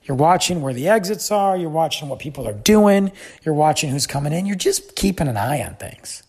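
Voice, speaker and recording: A man hosting a podcast, telling a travel story in a chatty, animated way. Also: a little high, fairly quick, breathy edge. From United States. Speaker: podcast host. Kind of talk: casual storytelling.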